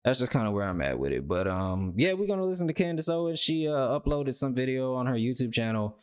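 A man's voice: medium pitch, very animated, quick pace, clear, resonant tone. A man hosting a reaction video, talking loosely and rambling with lots of filler words. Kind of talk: casual reaction commentary.

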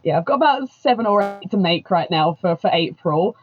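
A woman's voice: lowish voice, lively intonation, brisk. A woman, a cosplayer guest, chatting casually and laughing a lot. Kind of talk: casual chat on a live stream. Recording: dull lo-fi audio.

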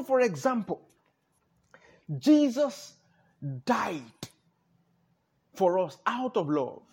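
Husky high-voiced preacher. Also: male voice, darkish tone. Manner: emphatic, repeats "no, no", chuckles often. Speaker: pastor. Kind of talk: sermon.

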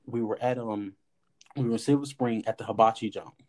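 A man hosting a podcast, telling a personal story in casual chat with animated delivery, acting out quoted dialogue and swearing now and then. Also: lowish voice, brisk. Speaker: podcast host.

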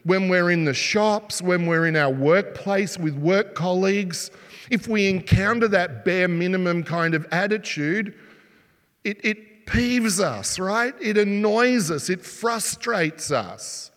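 Male preacher, animated storyteller, lightly raised pitch; reverb-heavy hall sound. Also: slow pace. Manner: animated storytelling, asks the congregation rhetorical questions. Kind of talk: sermon. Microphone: sermon mic, mask just taken off.

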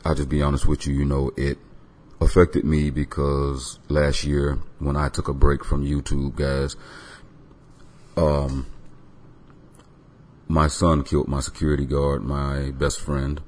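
A man's voice: a bass voice, monotone, measured pace, pauses often, darkish tone. A man hosting his own music podcast, talking loosely with many ums and uhs. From Florida. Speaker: podcast host. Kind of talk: casual podcast monologue.

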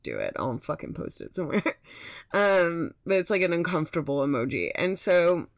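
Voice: medium pitch, big pitch swings, moderate pace, no room sound, clean studio sound. A podcast host in an impassioned, rambling solo monologue, swearing often and restarting sentences.

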